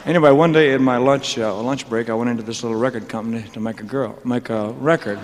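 A man's voice: medium pitch, steady tone, fast talker, a little hiss or hum. Rambling joking man on stage. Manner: rambling, joking, with laughing asides. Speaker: stage performer. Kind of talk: onstage storytelling monologue. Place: concert stage. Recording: live concert hall reverb.

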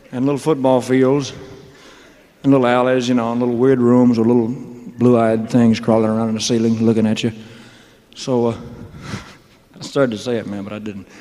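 A man's voice: medium pitch, darkish tone. A man in his thirties, a singer, telling his career story on stage in a loose, joking, rambling way, full of "man" and "you know". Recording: long hall reverb.

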